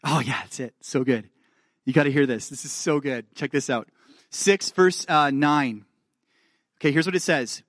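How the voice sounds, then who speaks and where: This preacher's voice sits on the high side, fairly bright, moving at normal speed in a dry, clean studio recording. Delivering his sermon, he sincerely checks on listeners, reads scripture with building passion, and pokes fun at himself.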